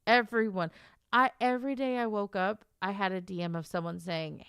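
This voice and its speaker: A young American woman streamer telling a gossipy story in casual chat, animated and full of exaggerated quoted asides. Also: medium pitch, a little fast, vocal fry, clear, resonant tone, no room sound, studio quality.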